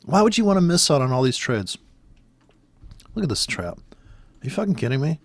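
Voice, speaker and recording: A trader scrolls through price charts, giving profane, sarcastic, exasperated commentary. His voice is on the high side and sing-song, at a moderate pace, with no room sound.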